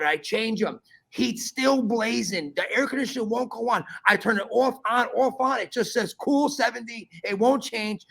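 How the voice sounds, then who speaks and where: A man hosting a podcast, telling a story in animated casual chat, swearing often and calling his listener bro. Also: high voice, creaky, husky. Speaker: podcast host.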